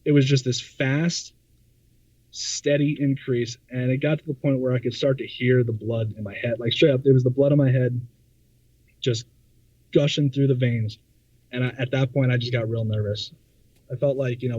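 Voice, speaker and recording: A man recounting a personal story in a relaxed, meandering way, stumbling over and repeating his words. His voice is mellow and soft-edged, with a dry, close sound. The recording is somewhat dull and lo-fi. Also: mid-range voice, no room sound. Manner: halting, stammers and repeats words, many fillers. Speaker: podcast guest.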